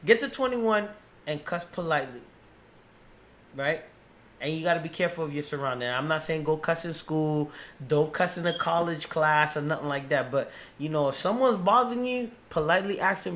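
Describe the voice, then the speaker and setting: A man hosting a podcast in casual chat, animated and profane, often restarting his sentences. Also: fairly high pitch, moderate pace. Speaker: podcast host.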